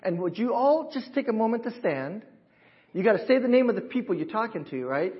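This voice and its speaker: A male pastor talks with his congregation during a church service, upbeat and engaging, with lots of back-and-forth. His voice sits a little on the high side for a man. The recording is dull and lo-fi. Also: big pitch swings, brisk. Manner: warm, upbeat, talks with the congregation and teaches them. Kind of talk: sermon.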